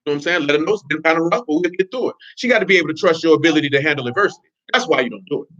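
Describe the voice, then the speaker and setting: A man's voice: fairly high pitch, expressive, very fast, a bit bright. A man giving informal, blunt religious teaching in streetwise slang, with laughing asides. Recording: dull lo-fi recording.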